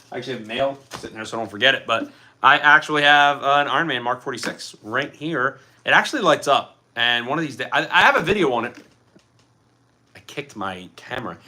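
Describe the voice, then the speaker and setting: A man's voice: medium pitch, sharp tone. A man from Philadelphia with a Philly accent, hosting a casual livestream, chatting in a loose, rambling way and reading out comments. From Philadelphia, USA. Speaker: livestream host.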